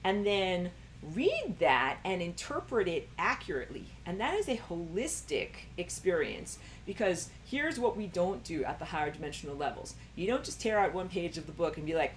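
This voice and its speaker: A woman's voice: mid-range voice, big pitch swings, moderate pace, a little hiss or hum. A woman teaching a recorded online lecture, rambling with many fillers and jumping into a raised voice when she acts out quoted thoughts. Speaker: spiritual teacher.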